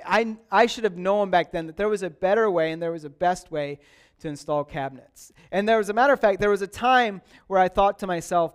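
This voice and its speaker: Male pastor, conversational sermon, higher smooth voice, chatty. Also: brisk. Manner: chatty, with frequent restarts and "like", asks congregants questions by name.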